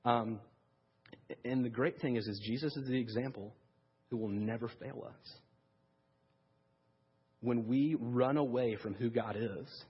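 Husky man preaching casually. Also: medium pitch, a little slow, long pauses, highs cut off. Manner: casual, conversational preaching with many fillers. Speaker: pastor. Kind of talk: sermon with storytelling.

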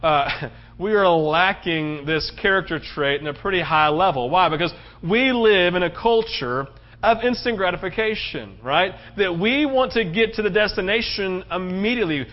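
A man's voice: high voice, animated, normal speed. A male pastor from the United States preaching a casual sermon, often tossing in rhetorical questions. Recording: slightly muffled recording.

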